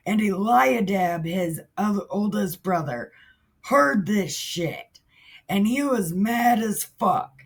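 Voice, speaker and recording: A woman with a husky voice retells a Bible story in a chatty, irreverent way, dropping curses and asides. She talks slowly, with wide, lively pitch swings. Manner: profane, laughing, chatty.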